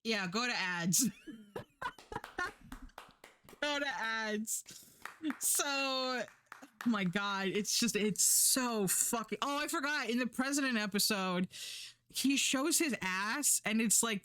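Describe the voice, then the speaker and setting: A woman's voice: fairly high pitch, expressive, slow, pauses often, a bit bright, clean tone. A young adult woman livestreaming, chatting casually in a rambling, sarcastic way with frequent laughter. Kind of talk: casual stream chat.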